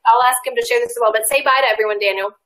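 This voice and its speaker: A woman's voice: on the high side, steady tone, racing, fairly bright tone, low-quality recording. A woman hosting an interview, asking questions in an upbeat, welcoming way and wrapping up the chat. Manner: upbeat, welcoming, wraps up smoothly. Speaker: television host, interviewer.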